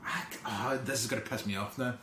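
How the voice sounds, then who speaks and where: A man's voice: mid-range voice, steady tone, a little fast, pushed and bright. A man hosting a casual podcast chat, rambling and swearing freely as he retells stories. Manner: rambling, swearing, acts out quotes. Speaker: podcast host. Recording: roomy with faint noise.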